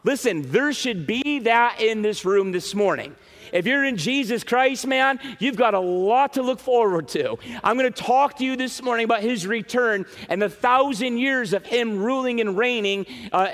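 A man preaching a sermon to his congregation in an animated way, with frequent "right?" asides. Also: extremely high pitch. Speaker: pastor. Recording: reverberant hall.

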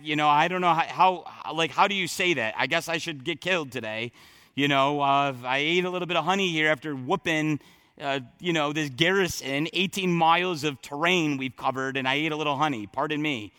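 A man's voice: sits high, bright, forceful tone, smooth, no room sound, clean studio sound. A man preaching as a pastor, conversational and thinking aloud, with earnest, emphatic stretches and frequent restarts. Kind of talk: sermon.

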